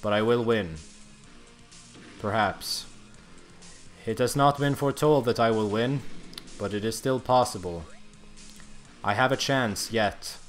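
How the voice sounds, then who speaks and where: A young man giving comedic gameplay commentary in a mock-solemn, grandiose deadpan manner. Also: fairly low pitch, measured pace, long pauses, soft background music.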